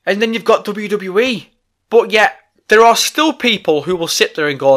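A man's voice: sits high, animated, moderate pace, fairly bright tone. A man hosting a podcast, delivering a heated, profane, exasperated rant. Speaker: podcast host. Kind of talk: ranting podcast monologue.

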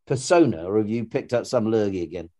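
A man's voice: fairly low pitch, lively intonation, fairly quick, warm tone. A man co-hosting a casual podcast, talking in rambling sentences full of restarts and fillers. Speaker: podcast co-host.

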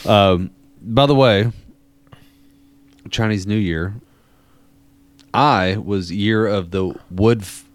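A man's voice: fairly low pitch, slow pace, long pauses. A man in his thirties co-hosting a podcast, chatting casually and joking around. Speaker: podcast co-host. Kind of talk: casual chat.

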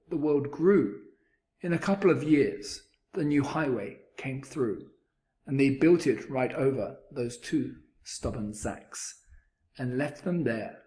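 A man's voice: mid-range voice, mellow. A man reading a children's rhyming story aloud in a rhythmic storybook delivery.

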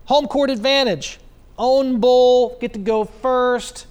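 A male pastor preaching on a church stage at a stand microphone, animated and joking as he retells a story. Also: very high voice, takes it slowly, smooth. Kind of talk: sermon.

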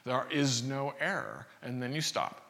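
Lively, bright-voiced male preacher in a reverberant hall. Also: mid-range voice, measured pace, vocal fry. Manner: conversational, rhetorical questions, frequent restarts. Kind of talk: sermon.

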